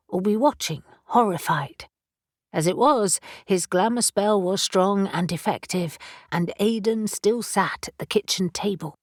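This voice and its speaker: A woman reading a fantasy audiobook in measured, even scripted narration. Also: lowish voice, no echo, clean studio sound.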